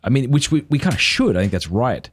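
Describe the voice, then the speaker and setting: A man in his forties hosting a podcast in casual conversation, relaxed and agreeable, thinking aloud. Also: mid-range voice, fast talker, breathy edge. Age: 40s. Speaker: podcast host.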